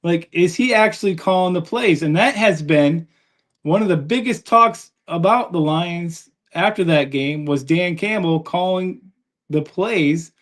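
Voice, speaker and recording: Upbeat higher-voiced male podcast host. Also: measured pace. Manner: reads viewer comments aloud, chatty and upbeat. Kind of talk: live sports podcast chat.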